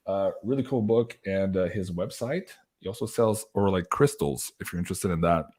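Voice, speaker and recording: A man's voice: low voice, lively intonation, moderate pace, darkish tone, a little hiss or hum. A man hosting a casual livestream chat, rambling along with plenty of fillers and easy laughs, on a video call mic. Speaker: livestream host.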